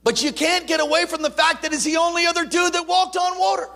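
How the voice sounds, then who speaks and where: A man preaching a sermon, telling a story with animated quotes and frequent restarts. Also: very high voice, fast talker, big-room sound, faint music behind. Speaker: pastor.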